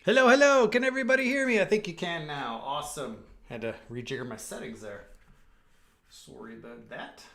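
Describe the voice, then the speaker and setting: A man filling in as host of a live software Q&A stream, chatting casually, joking around and pausing often to hesitate. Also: on the high side. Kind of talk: casual livestream chat and market commentary.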